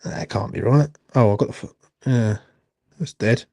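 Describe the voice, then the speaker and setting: A man's voice: medium pitch, normal speed, vocal fry, warm tone, no echo, clean studio sound. A young man hosting a live watchalong stream, chatting in a rambling, sweary, self-mocking way into his phone. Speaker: watchalong host. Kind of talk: casual live-stream chat.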